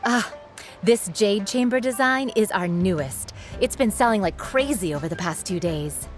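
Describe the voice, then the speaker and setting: A woman's voice: mid-range voice, animated, moderate pace, lightly acted. A woman plays a welcoming shopkeeper selling kites in a game, chatty and eager to show her wares, with faint music behind. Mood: salesy. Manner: welcoming sales patter. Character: friendly female kite shop seller.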